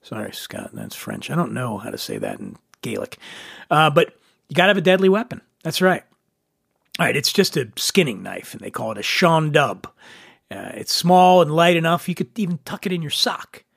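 A man's voice: fairly high pitch, sing-song, moderate pace, gravelly, a bit bright, slightly rough, no room sound, studio quality. A middle-aged man hosting a podcast, delivering a crude comedic monologue with mock-macho sarcasm. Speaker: podcast host.

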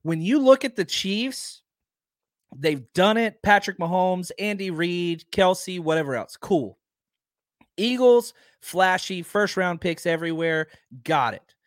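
A man with a slightly raised pitch hosts a casual sports podcast, arguing point after point with emphatic energy. His voice is a touch hoarse from a long day of talking. The sound is dry and close to the mic. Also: slow, no echo. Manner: animated, emphatic, argumentative. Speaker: podcast host.

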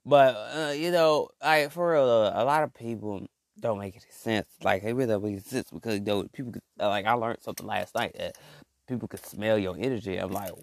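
A man doing a comedic rant monologue, rambling and slangy, full of fillers and restarts, jumping from low mumbles to loud outbursts. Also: lively intonation, fairly quick, dry recording.

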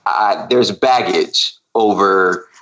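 A man's voice: low voice, takes it slowly, fairly bright tone, highs cut off. A man in casual podcast chat, telling a story with animation and acting out his own frustration. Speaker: podcast guest.

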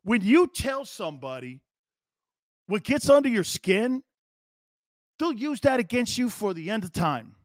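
A man's voice: sits high, very animated, unhurried, pauses often, dry recording, studio quality. A man in his fifties hosting a live sports talk show, ranting in a brash, sarcastic and blunt way.

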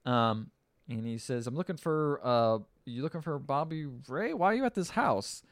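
A man's voice: fairly high pitch, moderate pace, dry recording. A man casually recapping a film on a podcast, acting out the characters' lines. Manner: acts out quoted lines with lively swings and laughs. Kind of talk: casual chat.

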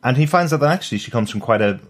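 A man co-hosting a podcast, chatting briskly about a TV episode and chuckling now and then. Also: medium pitch, animated. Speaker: podcast co-host.

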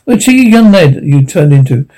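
A man's voice: a little high, very animated, fairly quick, mellow. A man voicing a contemptuous older male stag with a limp, speaking in a scornful, mocking way. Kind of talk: audiobook character reading.

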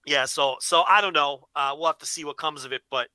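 A man with a very bright, forceful voice talks casually on a podcast, a little high for a man. He swears freely and tells stories with animation. The sound is dry and close. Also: brisk, clear, resonant tone, dry recording, rough recording. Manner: profane, animated storytelling. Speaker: podcast co-host. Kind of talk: casual wrestling podcast chat.

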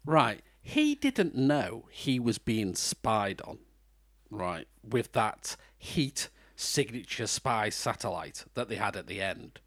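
A man's voice: fairly low pitch, sing-song, takes it slowly, fairly bright tone, no room sound, clean studio sound. A British man hosting a podcast, chatting casually about a film and laughing often. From Britain. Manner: chatty, laughs often, breaks into mock voices. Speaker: podcast host. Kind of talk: casual film review chat.

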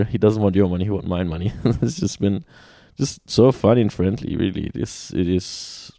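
A man's voice: lowish voice, normal speed, creaky, few pauses, dry recording, studio quality. A man telling travel stories in casual conversation, full of restarts, fillers and laughter. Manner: animated storyteller with many restarts and laughs.

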